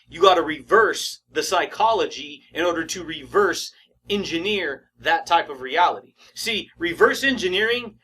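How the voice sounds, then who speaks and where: Bright, high-voiced motivational man. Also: breathy edge. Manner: slangy and emphatic, laughs often, calls the listener buddy and baby. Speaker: motivational speaker. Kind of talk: casual motivational talk.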